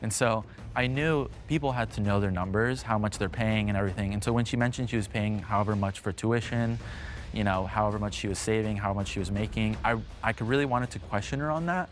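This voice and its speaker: Fast-talking man asking pointed questions. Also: fairly low pitch, slight background noise. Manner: polite but pointed questioning. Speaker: questioner on a quiz show. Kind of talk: probing questions and confessional interview. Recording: video audio with music behind.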